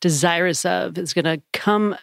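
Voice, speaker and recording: A woman co-hosting a podcast in casual chat, playful and quick to laugh. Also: on the low side, vocal fry, no room sound, studio quality. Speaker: podcast co-host.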